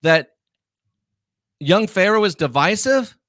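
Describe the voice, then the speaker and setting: A man rants loudly into the mic with a bright, forceful voice, pitched a little high for a man. He jeers with heavy profanity, then drops to low mutters. The sound is close and dry. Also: lively intonation, takes it slowly, dry recording. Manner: loud, profane, mocking, swings from shouting to low muttering. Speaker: commentary host. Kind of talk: ranting reaction commentary.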